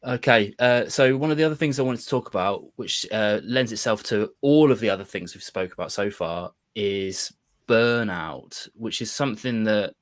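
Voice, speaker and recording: A man hosting a casual roundtable chat, explaining things in a relaxed way and sharing tips. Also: on the low side, moderate pace, dry recording. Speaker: show host.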